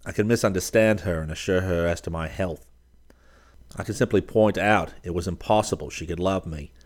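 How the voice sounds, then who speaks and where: A man narrating a first-person story in a measured, dramatic reading. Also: low-pitched. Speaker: audiobook narrator.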